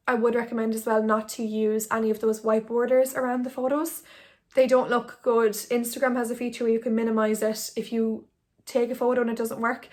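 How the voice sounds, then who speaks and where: A young woman, an Instagram blogger giving tips in a chatty, rambling vlog to a phone camera. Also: on the high side. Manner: chatty, rambling, filler-heavy. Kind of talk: casual talking-head vlog. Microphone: phone on ring light.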